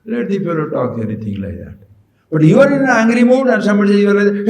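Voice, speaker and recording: Male spiritual teacher, slightly high voice, echoey room, animated questioning delivery. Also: a little fast. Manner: animated, rhetorical questions to listeners. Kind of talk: spiritual discourse.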